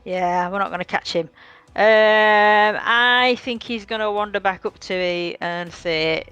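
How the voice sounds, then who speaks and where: Woman, tabletop player, wry, self-mocking, casual, quiet music in the background. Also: medium pitch, a little slow, clear, resonant tone, muffled recording.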